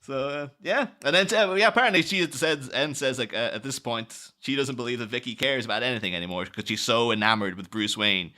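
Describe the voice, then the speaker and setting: A man with a bright, forceful voice chats on a film podcast. He talks loosely and laughs often, breaking into quick put-on voices for quotes. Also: medium pitch. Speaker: podcast co-host. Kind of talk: casual film podcast chat.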